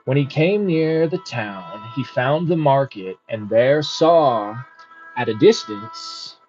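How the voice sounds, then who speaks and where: A man's voice: medium pitch, animated, takes it slowly, a little mellow. A man hosting a book study, reading aloud unhurriedly and adding casual comments. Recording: muffled with faint music.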